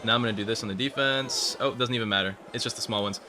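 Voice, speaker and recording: A man's voice: medium pitch, very fast, background noise. A young man hosting a mobile game channel, telling a rambling story between plays and swearing at his opponents. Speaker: gaming channel host. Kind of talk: casual gameplay commentary with storytelling.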